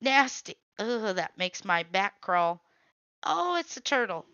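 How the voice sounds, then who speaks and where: A woman's voice: mid-range voice, sing-song, pushed and bright, clean tone, dry recording, muffled recording. A woman hosting, giving blunt, reactive running commentary as she scrolls through videos. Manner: blunt, reactive, quick to say nope. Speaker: host.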